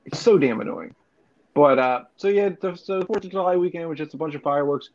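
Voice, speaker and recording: Young dude rambling and cussing through a story, kinda high voice, dull lo-fi audio. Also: male voice, fast talker, a little mellow. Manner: rambling, profane storytelling with laughs. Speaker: podcast co-host. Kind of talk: casual chat. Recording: dull lo-fi recording.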